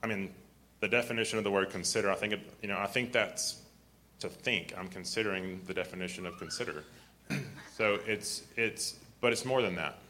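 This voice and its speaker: A man with a deep, grumbly voice, preaching a sermon, often clearing his throat and restarting his sentences. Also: a little fast, sharp tone, slight background noise.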